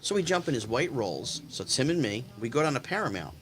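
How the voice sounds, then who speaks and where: A man in his fifties, a guest in a casual chat, telling anecdotes with animated delivery and slipping into other people's voices. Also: medium pitch, fast, noisy background. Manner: animated, acts out quoted voices. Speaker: guest storyteller.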